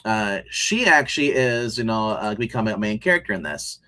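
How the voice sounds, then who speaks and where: A man co-hosting a casual review show, talking in a rambling and animated way, with lots of restarts and laughs as he retells scenes. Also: fairly low pitch, normal speed. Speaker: podcast co-host reviewing a TV show.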